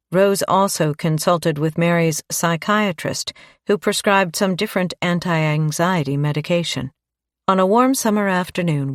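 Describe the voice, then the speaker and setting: Low-voiced woman narrating a thriller. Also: no echo, studio quality. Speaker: audiobook narrator. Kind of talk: scripted narration.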